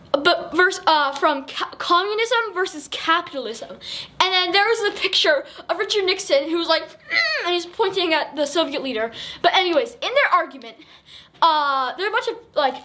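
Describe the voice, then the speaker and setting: A woman's voice: extremely high pitch, pushed and bright. A young woman casually explaining a history story over pictures, rambling, correcting herself and giggling as she goes.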